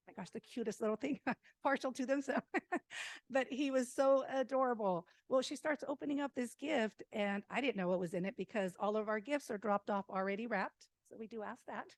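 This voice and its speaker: A woman's voice: fairly high pitch, no room sound. A woman giving a talk to a community meeting, telling a story with frequent fillers and light laughs. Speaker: senior meal program presenter.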